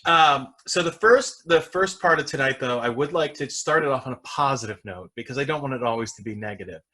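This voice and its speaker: A man's voice: mid-range voice, a little fast, pushed and bright. A man hosting a podcast, chatting casually with guests and making wry, joking asides. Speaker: podcast host. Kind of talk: casual chat.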